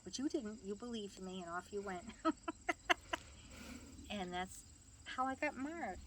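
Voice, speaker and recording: A woman's voice: mid-range voice, expressive, measured pace, fairly bright tone, slight background noise. An older woman, a grandmother, telling family stories in a chatty way, laughing and acting out the people she quotes. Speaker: grandmother being interviewed. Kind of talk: family storytelling interview.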